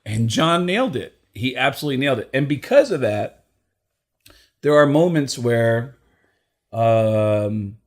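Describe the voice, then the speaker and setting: A middle-aged man, a comedian guest on a chat show, spins anecdotes in a relaxed, conversational voice of ordinary pitch. He acts out the people in his stories, jumping into their voices and back. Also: unhurried. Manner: animated storyteller, acts out the people he quotes. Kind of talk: casual storytelling.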